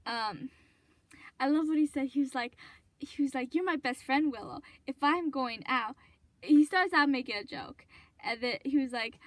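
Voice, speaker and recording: Woman vlogger, high pitched, dry close sound, casual rambling fan chatter. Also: moderate pace, no echo. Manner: rambling, gushing retelling with many fillers. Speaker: fan video host. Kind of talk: casual fan commentary vlog.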